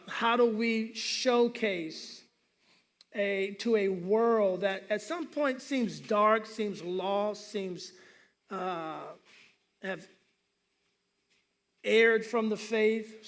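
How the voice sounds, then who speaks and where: A man's voice: high voice, a bit bright. A male pastor preaching a sermon, telling humorous stories and calling for responses from the congregation.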